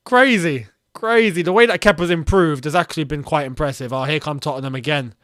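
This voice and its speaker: A young man hosting a live football watchalong, reacting excitedly to play and reading viewer comments aloud. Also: a little high, brisk, few pauses, no room sound, clean studio sound. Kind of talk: live match commentary and chat.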